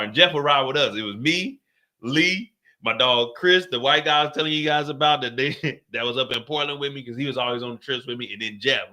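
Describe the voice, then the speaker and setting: A middle-aged man hosting a stream, telling a story in a casual, animated way with lots of cursing, raising his voice when he acts out what people said. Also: medium pitch. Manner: animated, profane, acts out quotes in a raised voice. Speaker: streamer host.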